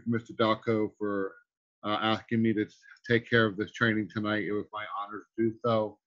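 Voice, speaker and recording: A man's voice: medium pitch, a bit bright. Effusive man hosting a team call. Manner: effusive, calls people sir and brother. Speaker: host of a weekly team training call. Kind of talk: motivational conference-call hosting. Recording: slightly muffled call audio.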